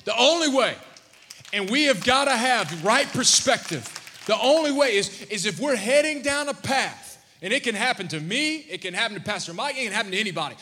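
Pastor guy preaching, high bright voice, lots of stutter restarts, big reverby church hall. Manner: animated storytelling with repeated restarts. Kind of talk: sermon.

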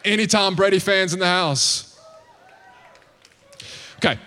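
High bright-voiced preacher in a reverberant hall. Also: male voice, a little slow. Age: 30s. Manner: animated, excitable, self-mocking. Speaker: pastor. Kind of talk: humorous storytelling sermon. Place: church.

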